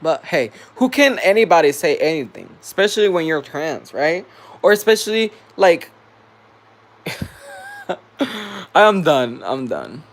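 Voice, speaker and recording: A man's voice: fairly high pitch, very animated, moderate pace. A man venting to camera in a vlog, angry and profane, repeating himself as he rants. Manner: heated, profane, repetitive venting. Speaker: vlogger.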